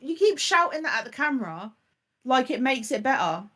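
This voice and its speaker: A woman's voice: sits high, big pitch swings, moderate pace, a bit bright, distant mic. A woman streamer ranting furiously on a live reaction stream, swearing and throwing accusations.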